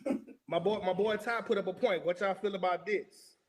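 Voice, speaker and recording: A man co-hosting a casual group chat over a remote call, telling animated stories and acting out scenes, with a lot of swearing. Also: high-pitched, moderate pace, big-room sound, a little hiss or hum. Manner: animated storyteller, acts out scenes, profane. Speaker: podcast co-host.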